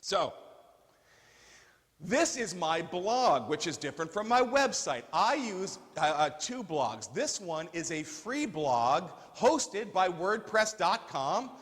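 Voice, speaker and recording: High-voiced animated man teaching a seminar. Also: slow pace. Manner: animated, jokey, emphatic teaching. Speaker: staffing industry trainer. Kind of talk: live marketing seminar talk. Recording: long hall reverb.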